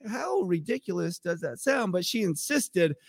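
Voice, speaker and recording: An American man preaching a sermon as pastor, telling the story with animated acted-out quotes. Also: high voice, moderate pace, no room sound, studio quality.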